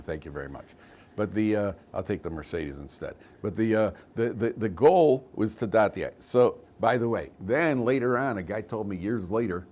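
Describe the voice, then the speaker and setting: A man's voice: sits low, a little mellow, a little hiss or hum. A middle-aged man, a rabbi, telling stories with humor to a class and asking his students questions, mixing in Hebrew words. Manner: storytelling with humor, asks the room questions; mixes in Hebrew and Yiddish words. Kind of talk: lively Torah class to students.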